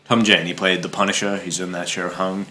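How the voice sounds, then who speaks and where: A man's voice: low voice, little pitch movement, brisk, sharp tone. A man co-hosting a casual, joking and rambling chat. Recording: roomy, faint music.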